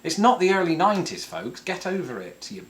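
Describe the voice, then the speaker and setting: A man's voice: a little high, very animated, fairly quick. A man in his thirties with a British accent, hosting a casual question-and-answer video and answering viewers with dry, self-mocking humour and puns. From England. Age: 30s. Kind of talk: casual chat to camera.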